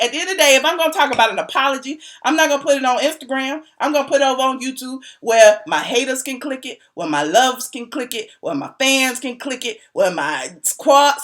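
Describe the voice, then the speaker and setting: Her voice sits high and fairly bright as she delivers sassy gossip commentary on her vlog. The Atlanta, US vlogger keeps it casual, repeats herself to drive points home, and laughs as she goes.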